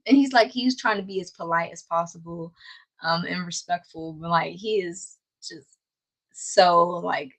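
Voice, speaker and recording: A woman's voice: fairly low pitch, unhurried, fairly bright tone, poor audio. A woman hosting a casual anime recap, laughing often and playfully scolding the characters. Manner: exasperated, scolding asides.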